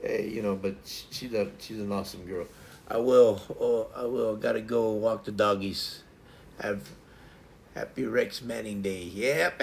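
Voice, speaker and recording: A man's voice: on the low side, steady tone, measured pace, gravelly. A middle-aged man, hosting a casual live stream and rambling with lots of repeated words and fillers. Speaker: livestream host. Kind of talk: casual chat to stream viewers.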